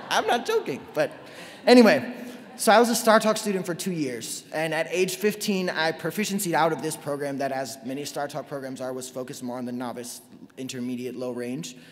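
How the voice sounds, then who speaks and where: A man in his twenties from North Carolina, giving a lively, self-deprecating storytelling talk to an audience. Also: fairly high pitch, fairly quick. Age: 20s. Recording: long hall reverb.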